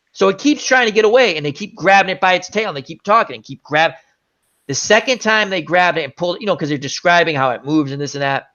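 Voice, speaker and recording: Male host, animated rambling storyteller, higher register, muffled recording. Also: fast talker. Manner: rambling, animated anecdote with many asides. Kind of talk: casual chat storytelling. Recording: dull lo-fi audio.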